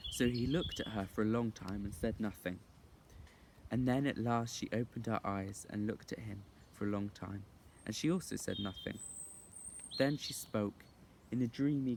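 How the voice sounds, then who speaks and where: A man reading a children's novel aloud as an expressive storyteller. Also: mid-range voice, gravelly, slight background noise. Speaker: reader.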